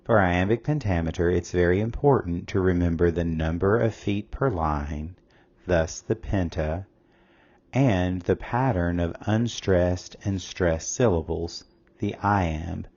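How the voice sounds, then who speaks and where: A man reading a scripted test-prep lesson as a tutor, reading questions and answer options aloud in a measured way. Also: low-pitched, a little mellow, dull audio.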